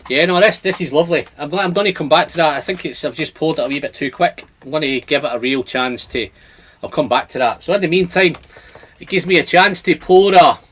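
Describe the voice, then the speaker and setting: A man's voice: fairly high pitch, a bit bright. A man hosting a casual whisky livestream, chatting and reading out viewer comments. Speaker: whisky channel host.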